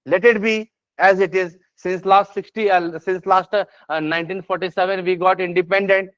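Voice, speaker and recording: Man, Indian English accent, teacher, high voice, dry dull recording. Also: steady tone, normal speed, a bit bright, no echo. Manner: repeats "yes or no?" and "is this part clear?" checks; many fillers and restarts, emphatic. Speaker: essay strategy teacher. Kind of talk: classroom lecture. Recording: dry, slightly dull lo-fi sound.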